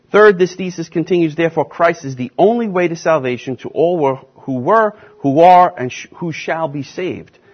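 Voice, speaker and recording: A man preaching and teaching a Bible class, emphatic and deliberate, stressing key words with slow repetition. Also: fairly high pitch. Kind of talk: sermon-style Bible teaching. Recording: dull lo-fi recording.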